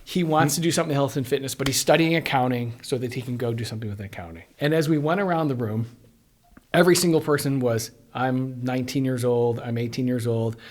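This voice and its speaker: A man's voice: mid-range voice, fast. A middle-aged man from Illinois, a guitarist and music educator, telling stories in a casual interview and laughing often as he talks. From Illinois, USA. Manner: animated storyteller who laughs often.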